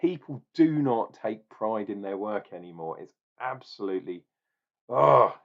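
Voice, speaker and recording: Animated low-voiced man ranting about beer. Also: unhurried, gravelly, dull audio. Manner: exasperated, ranting and rambling. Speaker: beer reviewer. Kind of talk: casual video review.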